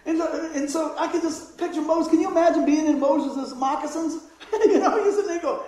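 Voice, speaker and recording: Male pastor, high-pitched and playful; roomy distant church sound. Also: a little fast. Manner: animated, joking, acts out voices. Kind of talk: lively sermon with humor. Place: church hall. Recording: echoey church room, distant mic.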